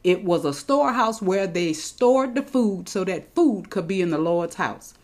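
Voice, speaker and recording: A woman's voice: on the low side, expressive, unhurried, a little mellow. A woman preaching a sermon in an emphatic, conversational way, repeating points for stress.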